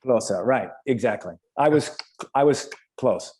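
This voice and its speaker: A man's voice: mid-range voice, moderate pace, darkish tone, slight background noise. A man, an actor, chatting as a guest in an interview and telling anecdotes with lots of fillers and restarts. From United States. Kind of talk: casual interview chat.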